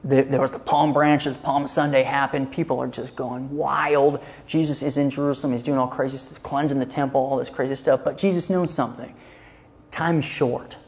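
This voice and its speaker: A man's voice: medium pitch, moderate pace. A man leads a church class on faith and counseling, speaking in a loose, conversational way. His voice sits in the middle range and comes through a slightly muffled, lo-fi recording. He keeps checking in with his listeners as he goes. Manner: relaxed and chatty, checks in with "okay?" often; retells scripture scenes in everyday speech. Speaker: Christian counseling teacher.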